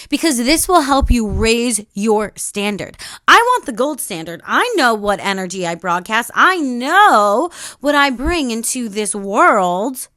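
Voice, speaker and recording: A woman hosting a self-help podcast, talking in a sassy, emphatic way and swinging from calm to loud exclamations. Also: a little high, unhurried, hardly any pauses, no room sound, clean studio sound. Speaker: podcast host. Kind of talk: motivational self-help talk.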